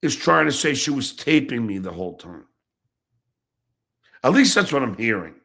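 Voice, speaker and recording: Gravelly, furious ranting podcast host. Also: male voice, medium pitch, sing-song, normal speed. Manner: heated, profane, swings from shouting to muttering. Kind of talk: angry ranting monologue.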